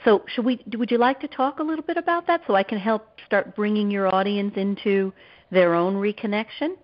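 A woman's voice: medium pitch, brisk. A woman guest author and therapist telling a personal story in an interview, acting out the voices of the people she quotes. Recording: dull lo-fi audio.

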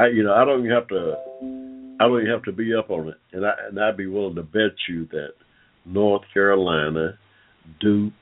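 Deep-voiced guy hosting an online talk show over a tinny phone line, lots of uhs. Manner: rambling, frequent "uh" fillers, addresses listeners as "y'all". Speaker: online forum host. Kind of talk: casual talk-show commentary.

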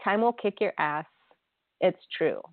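A woman's voice: lowish voice, expressive, a little slow, no echo. A middle-aged woman hosting a casual solo podcast, emotional and chatty, laughing often between many fillers. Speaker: podcast host. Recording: dry, tinny phone-line audio.

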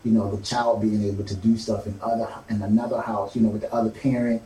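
Man hosting a talk show, lowish voice, halting with many fillers, roomy sound, mic far off. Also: little pitch movement, dark tone. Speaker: host. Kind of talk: casual talk show chat. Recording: roomy, distant mic, faint background noise.

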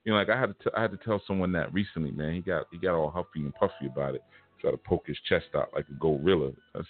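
Deep, blunt-talking male spiritual teacher. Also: rapid-fire. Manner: blunt, punchy, confrontational. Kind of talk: casual spiritual lecture. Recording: tinny phone-like sound with faint music.

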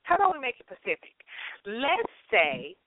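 A woman host with a higher, swooping, lively voice, teasing and pushing her guests. The sound is dry and tinny, like a phone line. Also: moderate pace, no echo. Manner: teasing, bossy, prodding others to speak. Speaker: talk-show host. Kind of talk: casual call-in talk show.

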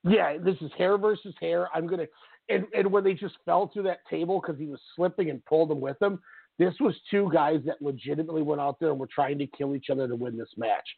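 A man's voice: fairly high pitch, fairly quick, gravelly, husky, no room sound. A man co-hosting a casual wrestling podcast, telling stories with enthusiasm and acting out quotes. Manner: enthusiastic, animated storytelling with acted-out quotes. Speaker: podcast co-host. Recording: tinny phone-like audio, dry.

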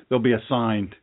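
Folksy joking pastor on a tinny line. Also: male voice, medium pitch. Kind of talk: sermon. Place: church with a live audience.

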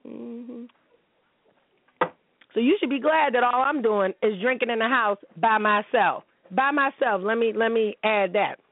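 A woman's voice: fairly high pitch, a little slow, no echo. Blunt, profane woman ranting over a phone line. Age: 40s. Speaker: show host. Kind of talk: casual monologue commentary. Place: at home. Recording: tinny phone-like line, dry.

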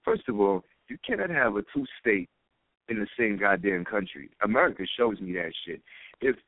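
A low-voiced man calls into a talk show and rants, profane and rambling, heat rising as he goes. His voice comes through a tinny phone line with a dry, close sound. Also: animated, moderate pace, no room sound. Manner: profane, rambling, heated rant. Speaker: caller. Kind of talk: call-in radio talk.

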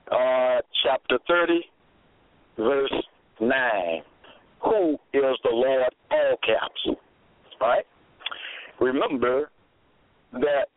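A man lectures on scripture at an unhurried pace, hammering home phrases by saying them again and again. His voice comes through a thin, phone-like band with a dry, close sound. It sits at an everyday male pitch. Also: no echo. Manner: slow, emphatic, repeats phrases. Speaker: radio Bible program host. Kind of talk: slow deliberate radio Bible lecture. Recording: tinny phone-like dry audio.

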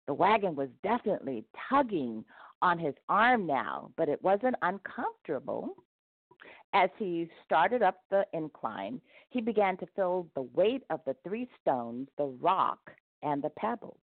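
A woman narrating a devotional story aloud in an expressive read-aloud manner. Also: lowish voice, measured pace, dry recording. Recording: tinny phone-like dry sound.

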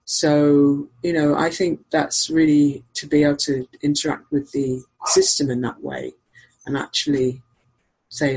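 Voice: mid-range voice, level tone, measured pace, a little mellow, slightly rough, poor audio. A co-host chatting casually from home in an easygoing, rambling way with frequent chuckles. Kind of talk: casual call-in chat. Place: home with dogs nearby.

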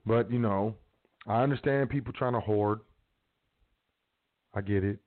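A man talks in a loose, slangy way, rambling through casual advice as the host of his own show. His voice sits a little low. The sound is thin and boxy, like a phone line. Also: a little slow. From South Side of Chicago.

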